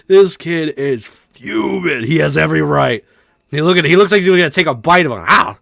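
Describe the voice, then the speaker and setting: A young man livestreaming a game, talking casually and excitably, laughing a lot and swearing freely. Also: fairly high pitch, normal speed, gravelly, no room sound, clean studio sound. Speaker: streamer. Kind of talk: casual live-stream reaction commentary.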